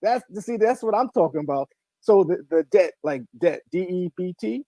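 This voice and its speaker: A man hosting a radio show, wrapping up an interview in a relaxed, halting way. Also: high-pitched, no room sound. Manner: relaxed, halting, with fillers and restarts. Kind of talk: casual interview chat.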